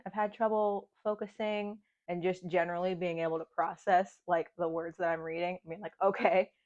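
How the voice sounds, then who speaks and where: A woman's voice: mid-range voice, darkish tone. A young woman chatting casually to camera about books she has read, self-deprecating and laughing often, with a slightly scratchy throat. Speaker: book vlogger. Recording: dull lo-fi sound.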